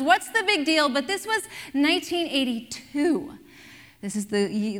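Lively high-voiced woman preaching. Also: in a large hall. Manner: lively storytelling with call-and-response. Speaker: pastor. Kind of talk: sermon.

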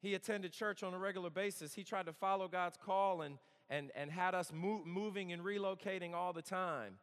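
A man's voice: sits high, normal speed, fairly bright tone, smooth. A man in his thirties giving a storytelling sermon, conversational and earnest with touches of humor. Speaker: campus worship speaker. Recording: long hall reverb.

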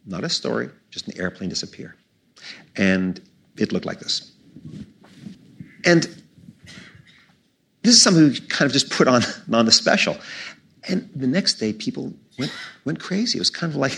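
A man, a magician telling animated stories onstage with frequent restarts and laughs. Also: mid-range voice, normal speed, creaky, pauses often, breathy edge. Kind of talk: storytelling conversation. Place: stage before a live audience.

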